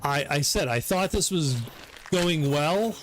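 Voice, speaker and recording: A middle-aged man giving live commentary on his gameplay, excitable, swearing and laughing often. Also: fairly high pitch, slow pace, slight background noise. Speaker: game streamer.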